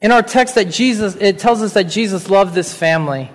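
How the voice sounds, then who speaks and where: Earnest high-voiced male pastor in a hall. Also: faint music behind. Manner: earnest, slows down on key verses. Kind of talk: sermon with scripture reading.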